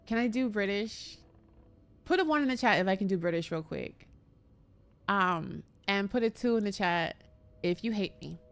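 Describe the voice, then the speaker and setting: A woman's voice: medium pitch, lively intonation, moderate pace. Chatty woman streaming a game. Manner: chatty, joking, talks to her chat. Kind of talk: casual live gameplay commentary.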